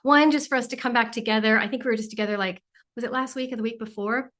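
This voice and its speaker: A woman with a somewhat high voice chats warmly and effusively as she hosts a live stream. She greets viewers one by one with frequent exclamations and sounds a little sniffly from allergies. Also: steady tone, quick pace. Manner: bubbly, effusive, exclaims often. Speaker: livestream host and spiritual teacher. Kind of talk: casual livestream chat greeting viewers.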